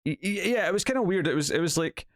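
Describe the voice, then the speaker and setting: Animated Scottish man, dry sound. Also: high voice, quick pace, no room sound. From Scotland. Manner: animated, acts out quotes in put-on voices. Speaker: TV review co-host. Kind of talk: casual TV review chat.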